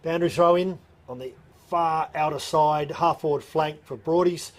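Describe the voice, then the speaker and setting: A man's voice: fairly high pitch, moderate pace. A man with an Australian accent giving opinionated, analytical colour commentary at a local football match. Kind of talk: live sports commentary.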